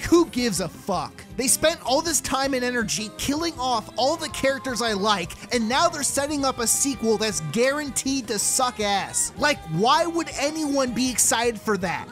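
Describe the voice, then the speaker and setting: A video game reviewer giving a comedic, profanity-heavy synopsis of a game ending, ranting in disbelief and shouting at times. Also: mid-range voice.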